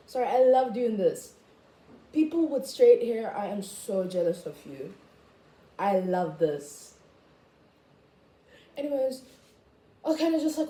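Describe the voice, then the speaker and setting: A woman's voice: on the high side, moderate pace. Chatty teen girl ranting, echoey room. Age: teens. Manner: chatty, animated, full of "like" fillers. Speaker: vlogger. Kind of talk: casual rant to camera. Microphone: camera or phone mic.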